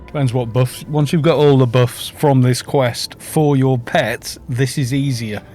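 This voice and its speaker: A man's voice: medium pitch, steady tone, unhurried, a little mellow, soft background music. A man with a Welsh accent casually explaining game tactics to his live-stream chat. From Wales.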